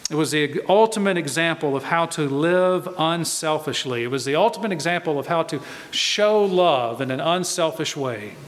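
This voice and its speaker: A man preaches in a church with a fairly high voice, pressing each point and repeating his key lines for weight. The sound carries a long reverb from the hall around him. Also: animated, moderate pace, few pauses. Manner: emphatic, repeats key phrases. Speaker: pastor. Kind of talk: sermon.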